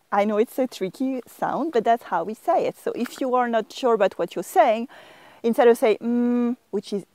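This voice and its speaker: A woman's voice: fairly high pitch, warm tone, dry recording. A woman with a French accent, a native French speaker, teaching an online language lesson and demonstrating phrases with playful intonation.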